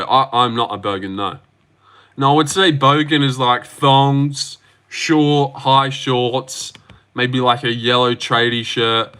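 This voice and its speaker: A man's voice: medium pitch, steady tone, slow, sharp tone, clear, resonant tone. A young Australian man hosting a livestream, reading out chat and reacting in loose, slangy talk. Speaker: livestream host.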